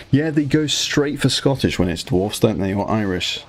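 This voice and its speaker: A man hosting a relaxed livestream, chatting casually with his viewers while painting miniatures, joking and swearing freely. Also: mid-range voice, moderate pace, hardly any pauses, soft background music. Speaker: livestream host.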